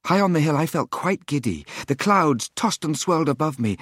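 A man reads a story aloud in a slightly husky voice. His pitch moves a lot as he tells it, lilting and expressive. The sound is dry and close. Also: moderate pace, no echo. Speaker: narrator. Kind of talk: storybook reading.

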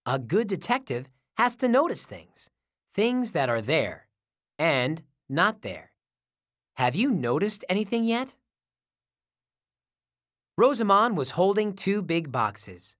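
A woman reading a children's chapter book aloud, unhurried and deliberate, in an animated storytelling voice. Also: on the low side. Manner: slow, deliberate, lively storytelling.

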